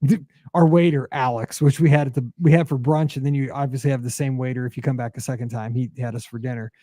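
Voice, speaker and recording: A man in his forties, a podcast host, telling a story in casual chat with many fillers and excited jumps in pitch. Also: fast talker, no room sound, studio quality.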